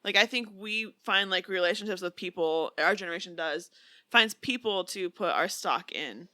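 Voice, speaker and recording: A woman's voice: on the low side, moderate pace, pushed and bright, no echo. A young woman co-hosting a podcast in casual chat, rambling with frequent fillers and laughing easily. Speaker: podcast co-host.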